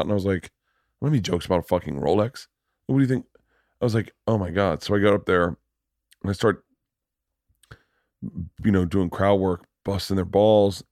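Low-voiced laughing male podcast host. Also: dry recording, studio quality. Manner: laughing, profane storyteller who drops low and soft at times. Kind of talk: casual podcast chat.

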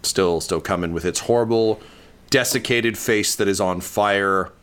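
Give me a man with a low, smooth voice narrating a tabletop game. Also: unhurried. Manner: relaxed, many ums and uhs. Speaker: game master.

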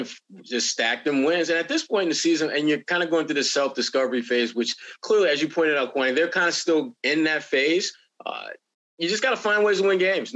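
Man, sports podcast co-host, rambling, animated, many restarts, slightly dull lo-fi audio. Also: medium pitch.

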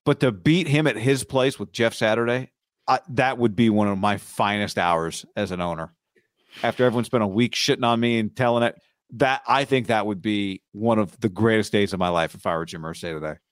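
A man co-hosting a casual sports podcast, speaking in a wry, deliberate, sarcastic manner. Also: on the low side, dry recording, studio quality. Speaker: podcast co-host.

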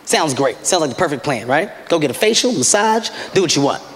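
A man doing a stand-up routine in an animated way, breaking into loud, high shouting. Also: brisk. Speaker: stand-up comedian. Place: comedy stage before a live audience. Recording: reverberant live room with ambient noise.

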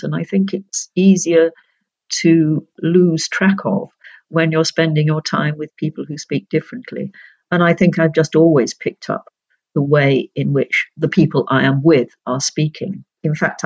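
An older woman from North Yorkshire, a retired judge, telling stories in an interview in a measured, precise way with frequent laughter. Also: deep voice, no room sound, dull audio. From North Yorkshire, England. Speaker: guest, retired senior judge. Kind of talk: reflective interview storytelling.

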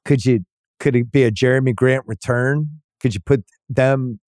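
A man's voice: medium pitch, fairly even intonation, moderate pace, darkish tone, no room sound, studio quality. Man talking sports trades off the cuff. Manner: thinks aloud, restarts, swears casually. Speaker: podcast host. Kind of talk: casual sports chat.

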